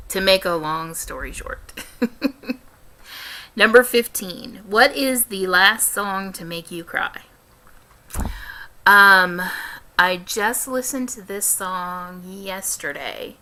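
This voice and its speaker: A young woman with a light Midwestern American accent talks through a casual question-and-answer vlog, taking her time and choosing her words with care. Her voice sits a little low yet sounds bright and forward, and she pauses and restarts often as she thinks aloud. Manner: careful, deliberate diction with frequent ums and restarts. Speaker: vlogger.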